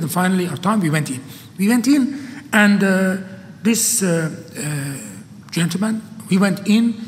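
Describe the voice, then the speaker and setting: High-voiced man telling a story. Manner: animated, with halting restarts. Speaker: lecturer. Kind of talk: storytelling lecture. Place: conference hall. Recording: reverberant hall recording, faint noise.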